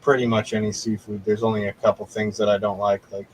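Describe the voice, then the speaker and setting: A man's voice: lowish voice, completely flat delivery, fast, slight background noise, rough recording. A man telling a rambling story in casual chat, swearing constantly and laughing a lot.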